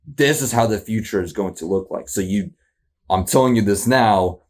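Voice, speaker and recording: A man's voice: lowish voice, moderate pace. A man hosting a reaction video, talking casually in rambling bursts, with frequent laughs and confused exclamations. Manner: animated, rambling, laughs often.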